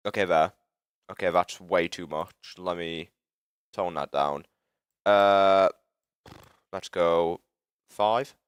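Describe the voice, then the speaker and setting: This is casual stream chat from a young British man building in a game, his voice on the low side, fairly bright and clean. The studio-quality audio has no room sound. He wanders from point to point, breaks off mid-thought, swears, and is easily frustrated while fumbling with the tool and talking to viewers.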